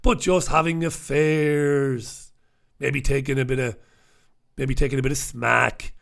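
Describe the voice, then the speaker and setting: A radio host from the north of England, ranting bluntly and swearing through a newspaper review, close to the microphone. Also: male voice, mid-range voice, fairly even intonation, unhurried, creaky, fairly bright tone. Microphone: talking close into two microphones.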